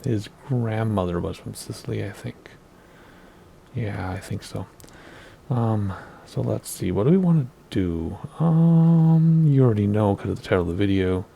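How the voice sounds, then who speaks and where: A man in his thirties with a gravelly, fry-heavy voice, rambling his way through casual gameplay commentary. He talks in a relaxed, meandering way and wavers over pronunciations. His tone sits low and mellow. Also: moderate pace, slight background noise. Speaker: flight sim video host.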